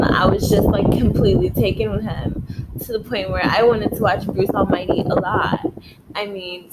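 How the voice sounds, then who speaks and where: A young woman rambles in a casual late-night vlog recorded in her bedroom, swearing freely and filling gaps with "like," worn out but buzzing. Her voice is mid-range, and the recording is very noisy.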